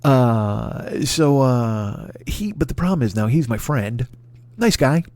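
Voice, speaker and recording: An American man comedian riffs through a rambling, profane rant, tossing in impressions as the host. His voice sits at medium pitch, animated yet slow-paced and a little mellow. There's no room sound.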